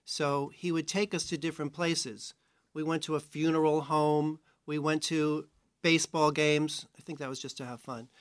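A man's voice: on the high side, level tone, moderate pace, clean tone, no echo. A man from New York giving a conversational sermon as a Bible teacher, with chatty, self-mocking asides.

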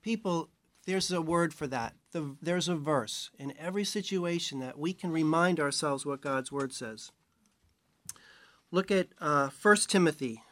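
Man from New York, Bible teacher, relaxed sermon, joking asides, fairly high voice, dry close sound. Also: a little slow, no room sound. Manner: chatty, self-mocking asides. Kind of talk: conversational sermon.

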